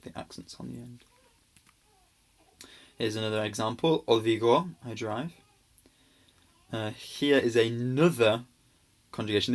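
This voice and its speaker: A man giving a casual grammar lesson over slides, patient and reassuring, with many ums and small restarts. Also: on the low side. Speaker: language teacher.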